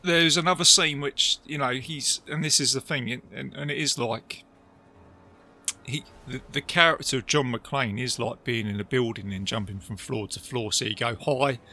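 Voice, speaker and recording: A man chatting casually as a podcast co-host about a film, lively and talkative, often acting out lines. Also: medium pitch, normal speed. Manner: chatty, animated, quotes film lines in put-on voices.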